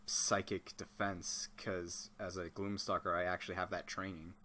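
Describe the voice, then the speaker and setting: A man's voice: sits low, flat delivery, normal speed, bright, forceful tone, slight background noise. A man playing a tabletop game, joking and teasing the others, sometimes trailing off into mutters. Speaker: player. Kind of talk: casual tabletop game chat.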